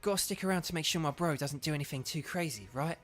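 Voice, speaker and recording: A man voicing a weary, laid-back male punk rocker from a video game in a low, unbothered London accent, reading the dialogue in character. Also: fast talker, faint music behind, lightly acted.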